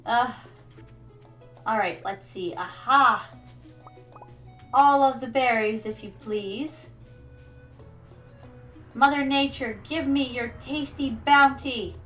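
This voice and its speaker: A woman's voice: a little high, slow, long pauses, fairly bright tone, faint music behind. A young woman streamer chatting playfully while playing a game, calling viewers her darlings. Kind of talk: casual gameplay commentary.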